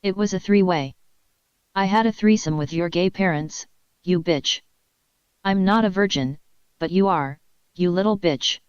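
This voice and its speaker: A woman's voice: lowish voice, a little slow, long pauses, clear, resonant tone, no echo, close to an everyday voice. A woman voicing a crude, taunting bully of a big man, in a dull lo-fi recording.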